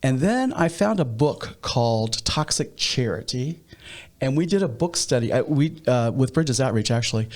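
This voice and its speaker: A man with a Midwestern American accent talks through his story as a guest on a podcast. He is a pastor, and his voice sits at a middle pitch. He talks in an unhurried way and often restarts his sentences. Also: expressive, a little mellow. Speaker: nonprofit leader and pastor. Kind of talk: interview conversation.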